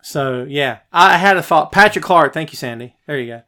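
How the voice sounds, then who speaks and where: A middle-aged man hosting a live stream from his home office, chatty and animated as he answers viewer comments. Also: on the high side, moderate pace. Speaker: podcast host. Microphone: headphones, phone nearby.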